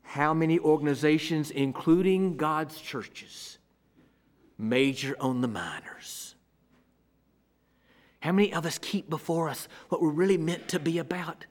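A man preaching a sermon as pastor, swinging from ringing declarations to hushed near-whispers with a repetitive, measured cadence. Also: on the high side.

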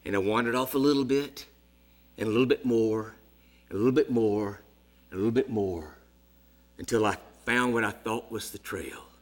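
A man in his sixties preaching a sermon as a story, dramatic, dropping to hushed whispers and rising to shouts. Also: on the low side, normal speed, pauses often. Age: 60s.

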